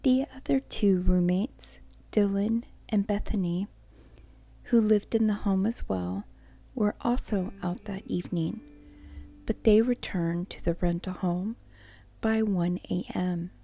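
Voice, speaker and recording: A woman whispering a true crime account as a soft-spoken ASMR narrator. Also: medium pitch, steady tone, creaky, no echo. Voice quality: unvoiced whisper. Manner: soft-spoken, measured storytelling.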